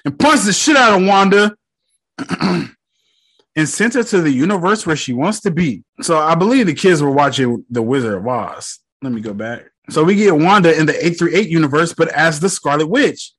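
A young man casually recapping a movie, swearing freely and retelling the scenes with excitement. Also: a little high, moderate pace, husky. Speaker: movie reviewer.

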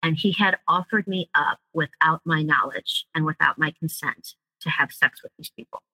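A woman's voice: sits low, normal speed, sharp tone, breathy edge, no room sound, low-quality recording. A woman, a guest, earnestly telling a personal story in an interview.

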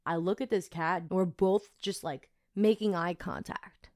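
A woman's voice: on the low side, a little slow. Chatty young woman telling a story. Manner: chatty and animated, many fillers. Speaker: podcast host. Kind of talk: casual storytelling monologue.

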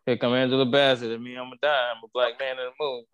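A man's voice: mid-range voice, level tone, very fast, fairly bright tone, clear, resonant tone, dull audio. A man co-hosting a podcast, chatting casually and making dry, wry remarks. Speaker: podcast co-host. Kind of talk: casual chat.

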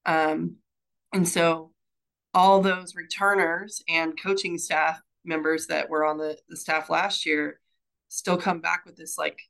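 A woman, a college softball head coach, answering interview questions thoughtfully and pausing to search for words. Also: sits low, little pitch movement, gravelly, low-quality recording.

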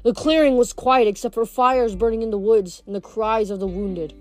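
A woman with a fairly high voice reads a novel aloud, steady and plain, now and then stumbling and correcting herself. Soft music sits faintly behind her. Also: moderate pace, no room sound. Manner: steady reading with small slips and self-corrections. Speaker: reader.

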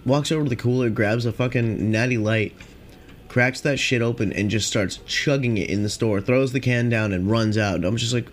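A young man hosting a podcast, rambling casually and profanely with lots of filler, and high on cannabis. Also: moderate pace, slight background noise. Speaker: podcast host.

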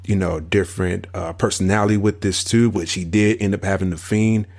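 A man with a very deep voice chats about wrestling in a relaxed, easygoing way. He fills his speech with "like" and "you know" and agrees readily with his co-host. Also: fairly quick, creaky. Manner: laid-back, filler-heavy agreement. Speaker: podcast co-host. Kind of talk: casual wrestling chat.

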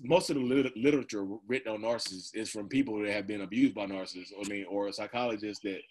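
Husky man in his thirties, candid and rambling. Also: mid-range voice. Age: 30s. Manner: casual, rambling, laughs often, quotes himself in asides. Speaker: interview guest. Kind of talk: candid personal conversation.

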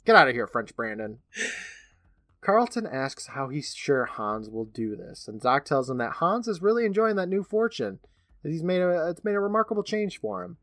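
Recapping an episode on the podcast he co-hosts, a man talks casually in a slightly high voice at normal speed. The recording is dry, and he laughs frequently while acting out lines with lively storytelling.

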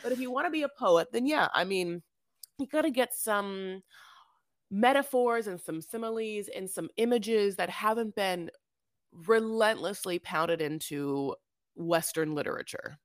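A woman's voice: mid-range voice, unhurried, no room sound, clean studio sound. Sassy woman recapping reality TV. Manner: sassy, tangent-prone, peppers talk with "honey" and swearing. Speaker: podcast co-host. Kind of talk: casual reality-TV recap chat.

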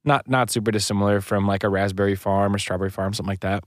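A man from the United States co-hosting a podcast in casual chat, jokey, quick to laugh and swearing freely. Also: fairly low pitch, steady tone, no echo, clean studio sound. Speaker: podcast co-host.

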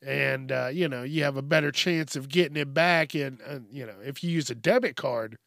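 A man's voice: medium pitch, normal speed, vocal fry, a bit bright, dry recording, studio quality. A man hosting a solo podcast, ranting casually and bluntly with plenty of swearing. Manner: profane, ranting, blunt and conversational. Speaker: podcast host.

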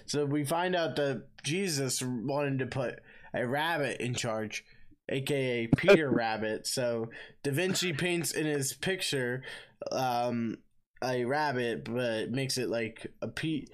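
A man's voice: medium pitch, a little slow. A man co-hosting a podcast in casual chat, recapping the story in a laid-back way. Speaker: podcast co-host.

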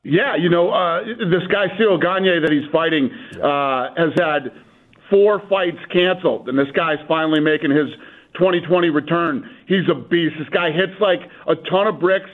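A man calling in as a guest on a radio show, talking up fights with brisk enthusiasm and reeling off stats. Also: fairly high pitch. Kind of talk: phone-in radio interview. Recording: tinny phone line.

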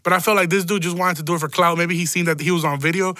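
A man's voice: high voice, steady tone, rapid-fire, bright, forceful tone, dry recording. A young man, hosting a casual solo rant, rambling and swearing, often breaking into laughter. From Chicago. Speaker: podcast host.

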